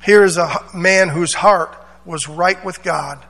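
A man's voice: sits high, unhurried, a bit bright, big-room sound. A man pastor preaching a sermon, dramatic, acting out voices and drawing amens. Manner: preaching with call-and-response amens; dramatic, acts out voices of Bible figures.

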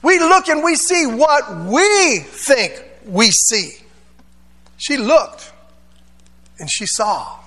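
High-voiced preaching man, gravelly. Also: big pitch swings, very slow, long pauses, bright, forceful tone, long reverb tail. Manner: preaching with call-and-response amens; dramatic, acts out voices of Bible figures. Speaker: pastor. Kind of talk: sermon.

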